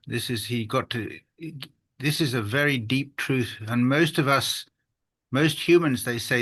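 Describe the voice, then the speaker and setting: Earnest, halting man with a bright voice. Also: medium pitch, animated. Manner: earnest, halting, self-deprecating. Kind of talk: conversational spiritual discussion. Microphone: video call.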